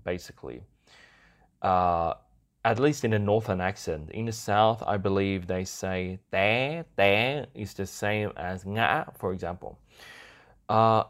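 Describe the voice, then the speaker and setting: Casual male podcast host, slightly low voice, loose and chatty. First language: Vietnamese. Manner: relaxed, rambling with many fillers and small laughs. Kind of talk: casual explanatory talk.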